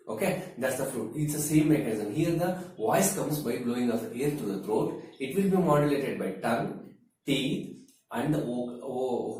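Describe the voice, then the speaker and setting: A man explains health habits slowly and with many fillers, his voice somewhat high and mellow. He sounds a little far from the mic. The room rings with heavy echo. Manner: slow, deliberate, explains with everyday comparisons, frequent fillers. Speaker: wellness expert. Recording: very echoey room, distant mic.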